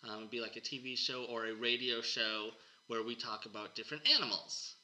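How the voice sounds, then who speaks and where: A man's voice: mid-range voice, steady tone, a little fast, bright, forceful tone, poor audio. A man hosting a podcast, chatting casually with his guest and laughing often. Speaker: podcast host. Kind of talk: casual interview chat.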